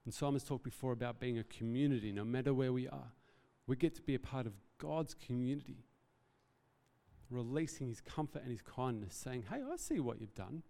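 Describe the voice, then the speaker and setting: A man's voice: medium pitch, fairly even intonation, brisk, warm tone. A man preaching a sermon as pastor, earnest and conversational, with self-deprecating asides. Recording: reverberant hall.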